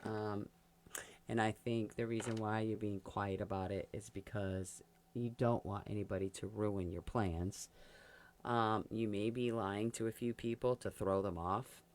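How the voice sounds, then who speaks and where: A woman giving a casual tarot reading, chatty and quick to laugh, talking straight to the sign she reads for. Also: extremely low pitch, steady tone, a little mellow, slight background noise. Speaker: tarot reader.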